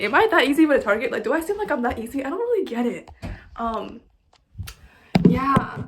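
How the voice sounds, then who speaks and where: A woman's voice: high voice, sing-song, a little fast, a little hiss or hum. A young woman vlogger telling a rambling, profane story in a casual storytime way. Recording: roomy sound, distant mic.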